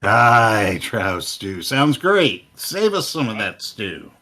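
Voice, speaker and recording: A man's voice: on the low side, big pitch swings, slow pace, bright, forceful tone, full character voice. A man voicing a greedy, bloodthirsty male gnoll leader who barks orders with relish. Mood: gleeful. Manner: gruff, barking orders with relish.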